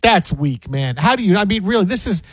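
A man with a fairly high voice riffs and rants through casual sports talk, stumbling over his words and laughing as he goes. The sound is close and dry, with no room around it. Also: a little fast, breathy edge, dry recording. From Detroit area. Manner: animated, ranting, repeats himself, laughs often. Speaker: sports radio co-host.

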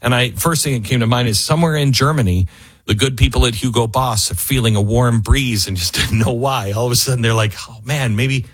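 A man's voice: medium pitch, brisk, breathy edge, dry recording. A man hosting a casual commentary monologue, wry and sarcastic, with many fillers and restarts, recorded close in a dry room. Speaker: talk show host.

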